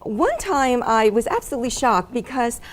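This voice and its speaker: A middle-aged woman earnestly telling her faith story, with frequent fillers and pauses. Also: a little high, very animated. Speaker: guest sharing her testimony. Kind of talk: personal testimony in conversation.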